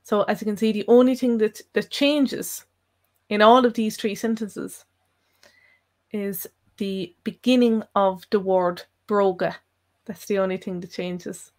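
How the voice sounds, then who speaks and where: Slow, careful Irish woman teaching. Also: medium pitch, steady tone. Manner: slow, careful explaining of example phrases. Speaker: Irish language teacher, co-host. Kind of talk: live stream Q&A lesson.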